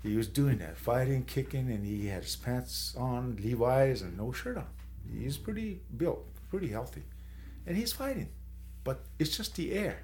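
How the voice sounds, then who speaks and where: A man's voice: expressive, moderate pace, darkish tone, a little hiss or hum. Emotional man giving a tearful testimony. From San Carlos Apache reservation, Arizona. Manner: emotional, rising high when moved, tearful. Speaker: street evangelist. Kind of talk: personal testimony.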